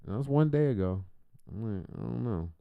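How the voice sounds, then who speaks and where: A man's voice: fairly low pitch, animated, moderate pace, gravelly, clear, resonant tone, phone-quality sound. A man hosting a livestream, reacting to videos with rambling, profane, joking commentary. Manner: profane, rambling, jokey, loud swings in volume.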